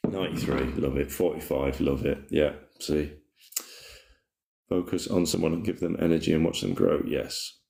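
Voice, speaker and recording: A man's voice: very deep voice, fairly even intonation, normal speed, vocal fry, mellow. A man hosting a casual spiritual livestream, rambling in a laid-back way and reading viewer comments aloud. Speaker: livestream host. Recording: roomy echoey room.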